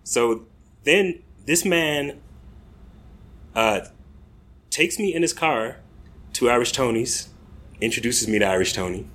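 A young American man hosts a podcast, spinning a relaxed story packed with fillers and laughter. His mid-range voice is slightly bright, and he talks slowly with frequent pauses.

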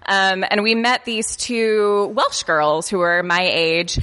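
Woman storyteller, sharp bright voice, self-mocking and tripping over words, recorded in a reverberant hall. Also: mid-range voice, steady tone, slow, clean tone. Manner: self-deprecating, stumbles over words and laughs through the telling. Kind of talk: personal anecdote told to an audience.

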